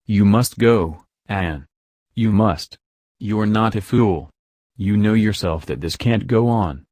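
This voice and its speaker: Guy voicing intense desperate young man, low voice, dry close audiobook sound. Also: slow, a little mellow, no room sound. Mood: anguished. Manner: impassioned, pleading delivery. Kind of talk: audiobook character reading.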